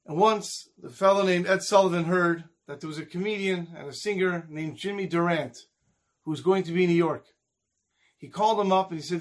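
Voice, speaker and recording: A man with a fairly high voice delivers a storytelling sermon. He narrates with animated energy and builds toward a moral lesson. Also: brisk. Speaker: speaker at a community event.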